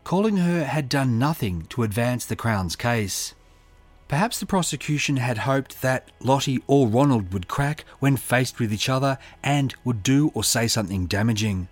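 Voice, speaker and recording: A man giving measured, scripted true-crime narration and reading out quotes. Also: mid-range voice, animated. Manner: measured, reads quotes aloud.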